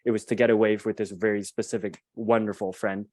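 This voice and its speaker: Young adult male guest, low-pitched, earnest storyteller who restarts his sentences. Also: flat delivery, fast talker, a little mellow, no room sound. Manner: earnest and reflective, with frequent restarts. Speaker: podcast guest. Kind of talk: telling a personal story in conversation.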